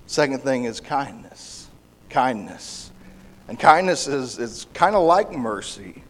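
A man preaching a sermon in an earnest, halting way, often restarting and repeating words. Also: mid-range voice, expressive.

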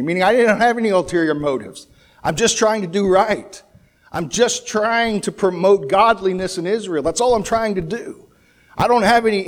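A man preaching a verse-by-verse sermon, talking it through conversationally with restarts and rhetorical questions. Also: high-pitched. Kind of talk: sermon, verse-by-verse Bible teaching.

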